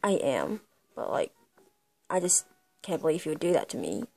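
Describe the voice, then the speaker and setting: A woman's voice: low voice, sing-song, moderate pace, gravelly, darkish tone, slightly rough. A woman acting out a fan-made cartoon voice drama and talking in a sighing, dramatic way. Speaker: fan voice actor.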